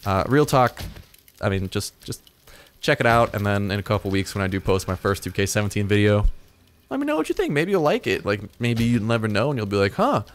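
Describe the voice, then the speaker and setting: Guy rambling thru a survival game, gets super excitable, swears a lot, voice cracks way up high when something jumps him. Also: brisk. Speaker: gaming YouTuber. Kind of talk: let's-play commentary.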